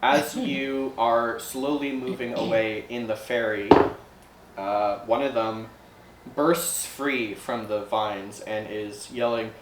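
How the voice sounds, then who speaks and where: A game master calmly narrating a tabletop game to the players around the table. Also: mid-range voice, slow pace. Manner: calm, explanatory narration. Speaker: dungeon master. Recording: roomy echo, faint background noise.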